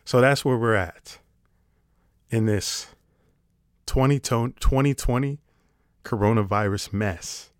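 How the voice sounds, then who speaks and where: A man's voice: mid-range voice, takes it slowly, long pauses, no echo, clean studio sound. A man talking to camera in a casual comedic monologue, sarcastic and rambling, swearing casually. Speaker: vlogger.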